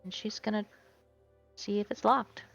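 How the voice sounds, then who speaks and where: Gravelly-voiced woman playing a tabletop game. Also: mid-range voice, steady tone, normal speed, a bit bright, dull audio, faint music behind. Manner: easygoing, chuckling, self-correcting. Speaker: player.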